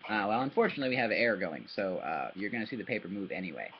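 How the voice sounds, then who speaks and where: A man's voice: fairly low pitch, sing-song, rapid-fire, slightly rough, dull audio. A man giving a casual, patient German lesson to a child, repeating words and demonstrating sounds. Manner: patient, repeats words and asks "yeah?" often; demonstrates sounds with paper and hand. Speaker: German tutor.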